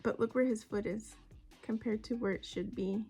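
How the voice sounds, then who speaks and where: A woman's voice: a little high, steady tone, normal speed, mellow, husky, faint music behind. A woman chatting casually in a crochet vlog, rambling and often dropping to a whisper. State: unwell with a migraine. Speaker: crochet vlogger. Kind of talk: casual chat. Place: home.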